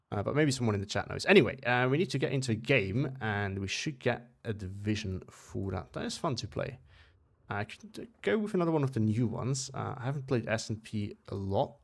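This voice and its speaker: There's vocal fry in the lowish voice of this young Swiss gamer on a casual live stream. He uses English as a second language, with a mixed British-American accent, wandering off and correcting himself as he talks to viewers.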